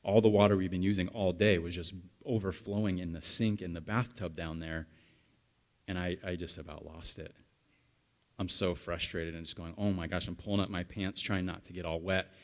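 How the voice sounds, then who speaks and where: Man, 30s, pastor, lower voice, conversational sermon, animated storytelling. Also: normal speed. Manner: chatty storytelling with the congregation, animated asides.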